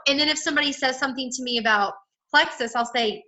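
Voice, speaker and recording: On a call with poor audio, a woman talks a little fast in a sharp, high-pitched voice while coaching her sales team. She keeps things chatty and emphatic, often performing what she'd say to people.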